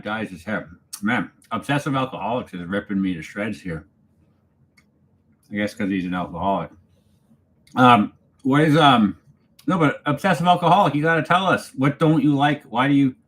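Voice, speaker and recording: A man from Canada hosting a casual livestream, chatting with viewers and reading their comments aloud in a relaxed way, chuckling as he goes. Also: mid-range voice. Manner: laid-back, chuckling, talks to viewers by name. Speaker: channel host reading live chat. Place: home, alone for the evening.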